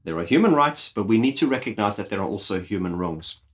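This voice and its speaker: A man's voice: fairly low pitch, animated, fast. Earnest, impassioned man ranting on his vlog. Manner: blunt, swears freely. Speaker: YouTube channel host. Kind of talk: direct-to-camera vlog talk.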